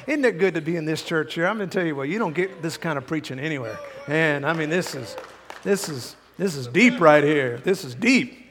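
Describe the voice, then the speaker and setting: A man preaching in a church, his voice a bit higher than most men's and trailing off into a long reverb. He preaches with folksy, emphatic force and now and then mimics people to drive a point home. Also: a bit bright. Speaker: pastor. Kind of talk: sermon. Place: church sanctuary.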